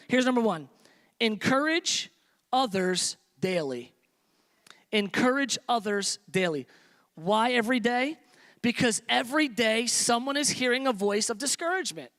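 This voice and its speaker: A man pastor preaching a sermon, repeating phrases for emphasis and dropping to soft, hushed tones when he tells stories. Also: extremely high pitch. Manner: preaching with rising emphatic repetition.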